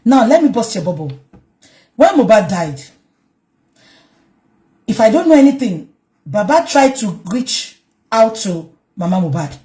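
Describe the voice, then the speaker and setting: A woman with a Nigerian Yoruba accent giving heated commentary as a vlogger, speaking emphatically and breaking into shouts. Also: mid-range voice, sing-song, measured pace, pauses often. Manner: emphatic, switches between English and Yoruba, bursts into shouting. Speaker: online commentator.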